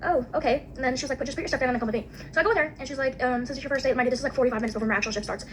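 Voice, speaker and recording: Fast-talking, foul-mouthed young woman ranting. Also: sits high. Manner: profane, fast, full of "like", acts out quotes. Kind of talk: casual storytelling rant. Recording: faint ambient noise.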